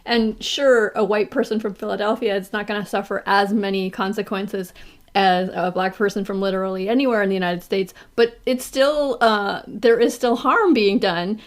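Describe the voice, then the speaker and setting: A woman co-hosting a casual podcast chat, giggly, with quick asides and lots of filler words. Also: mid-range voice. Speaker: podcast co-host.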